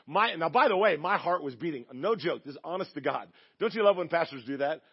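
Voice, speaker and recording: High, gravelly male pastor, jokey sermon. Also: expressive, brisk, dull audio. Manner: chatty, jokey, acts out quoted voices. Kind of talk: humorous sermon storytelling.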